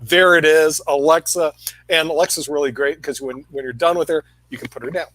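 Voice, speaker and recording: A man's voice: fairly high pitch, fairly even intonation, fairly quick, fairly bright tone. Jokey chatty male live-show host. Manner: jokey, chatty, laughing between lines. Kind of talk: casual live show banter. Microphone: live stream video call.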